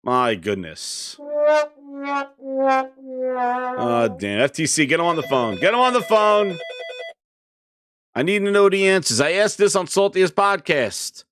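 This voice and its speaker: A man hosting a gaming live stream in casual chat from his home streaming room. He is excitable and rambling, and calls out viewers' names from the chat. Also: sits high, unhurried, pauses often, faint music behind.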